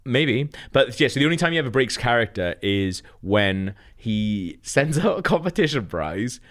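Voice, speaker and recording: Young man, casual comedic chat, rambling, laughs a lot, mid-pitched voice. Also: sing-song, normal speed, fairly bright tone. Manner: rambling, laughs often, stirs the pot. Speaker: podcast co-host.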